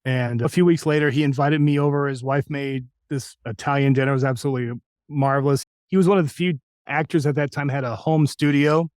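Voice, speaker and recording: A male voice actor telling an anecdote in an interview, acting out the quotes with animated delivery. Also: medium pitch, a little fast, no echo, clean studio sound. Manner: animated anecdote teller who acts out quotes. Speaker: voice actor guest. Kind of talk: storytelling in a podcast interview.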